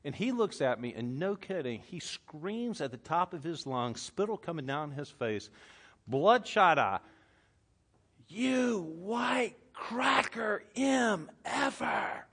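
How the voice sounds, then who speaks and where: A pastor with a Southern drawl delivers his sermon in a slightly high voice. He tells stories with animated energy, rising to loud bursts and dropping to near-hushed lines. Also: unhurried. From Southern United States. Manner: animated storytelling preacher, swinging between loud and hushed.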